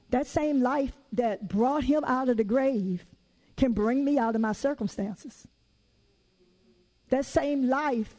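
Animated high-voiced woman preacher. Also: low-quality recording. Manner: animated, conversational storytelling with call-outs to the audience. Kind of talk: sermon.

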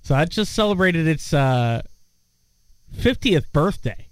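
A man hosting a casual chat show, talking in a relaxed way with many fillers and restarts. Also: fairly high pitch, slow pace, clear, resonant tone, dry recording.

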